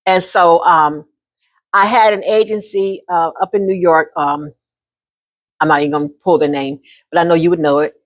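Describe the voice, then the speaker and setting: A woman in her sixties telling a personal story to camera in an animated, folksy way, often calling the listener honey. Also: on the low side, normal speed. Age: 60s. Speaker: vlogger.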